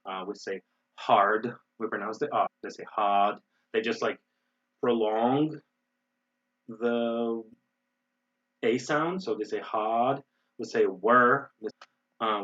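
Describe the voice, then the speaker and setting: A man's voice: on the low side, husky, highs cut off. An American man teaching English in an online webinar, explaining pronunciation with many fillers and restarts. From United States.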